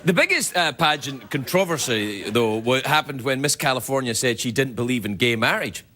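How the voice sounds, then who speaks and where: A man's voice: mid-range voice, expressive, moderate pace. A man hosting a late-night talk show, delivering a jokey comic monologue with self-mocking asides in a TV studio. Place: TV studio with live audience. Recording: loud studio audience laughter and noise.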